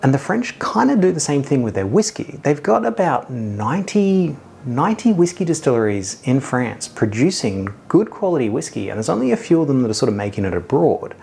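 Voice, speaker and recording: An Australian man with a mid-pitched voice hosts a casual whisky review video. His talk is chatty and self-mocking, with jokey asides along the way. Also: very animated, a little fast, vocal fry, a little mellow, slight background noise. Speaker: whisky reviewer, channel host.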